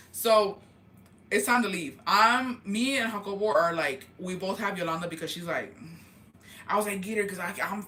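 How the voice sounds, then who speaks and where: Young woman vlogger with a bright voice, dishing gossip in storytime style and playing every quoted line herself. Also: lowish voice. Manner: animated, profane, acts out quoted dialogue.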